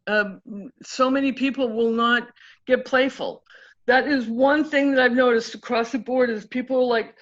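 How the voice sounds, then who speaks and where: A woman coach in an interview, telling stories with lively acted-out quotes in casual talk. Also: on the high side, normal speed. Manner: animated, acts out quotes in story. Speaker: guest coach. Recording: dull lo-fi audio.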